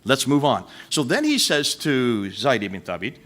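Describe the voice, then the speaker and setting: A man's voice: medium pitch, very animated, a little slow, a bit bright. A man giving a live lecture, firing rhetorical questions and turning to address his listeners directly.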